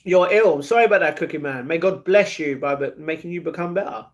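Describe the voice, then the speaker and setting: A young British man chats casually on a live stream, reading out chat messages, answering viewers by name and laughing often. He talks fast at a fairly high pitch.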